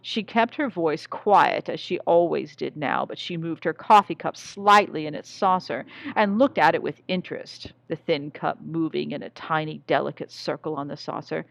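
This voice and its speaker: A young woman reads a short story aloud in a measured, even way. Her voice sits on the low side and has a gravelly edge of fry. The recording is dry and close, with no room sound. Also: no echo. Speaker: reader. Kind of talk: audiobook reading of a short story.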